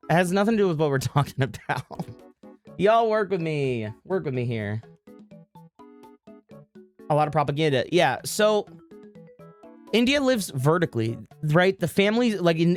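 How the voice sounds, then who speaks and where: A woman streamer with a low, somewhat dark voice chats casually with her viewers. She rambles, interrupts and corrects herself, and swears along the way.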